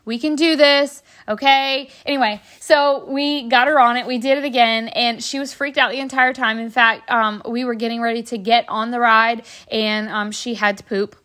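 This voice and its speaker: A woman's voice: on the high side, steady tone, normal speed, hardly any pauses, sharp tone. Chatty woman telling stories. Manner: rambling, chatty, many fillers and restarts. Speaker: podcast host. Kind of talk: casual storytelling.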